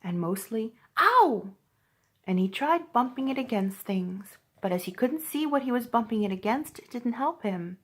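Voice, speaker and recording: A woman from a library reading a children's book aloud with lively, expressive storytelling. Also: on the high side, moderate pace, hardly any pauses.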